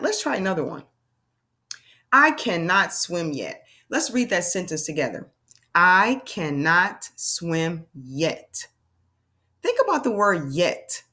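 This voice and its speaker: A woman teaching a phonics lesson to young children, slowly sounding out letters and syllables in an encouraging way. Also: mid-range voice.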